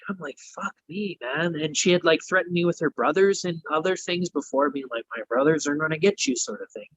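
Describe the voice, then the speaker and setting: A man's voice: fairly high pitch, fairly bright tone, no echo, rough recording. A man, a wrestler guest telling a long story in casual, rambling talk full of swearing.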